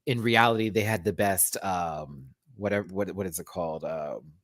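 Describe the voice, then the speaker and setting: A man hosting a casual live-stream review, chatty and sassy, calling viewers honey and child, often swooping up into high exclamations. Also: normal speed, a bit bright, dry recording, studio quality. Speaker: show review host.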